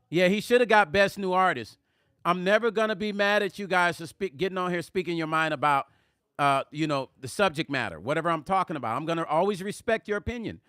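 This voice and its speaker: A middle-aged man chats casually on a live music stream, reading out viewer comments and answering them. His voice is bright, clear and a little high, and it sits close and dry with no room sound. He talks with animated emphasis and often repeats himself to press a point. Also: dry recording. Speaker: music vlogger hosting a livestream.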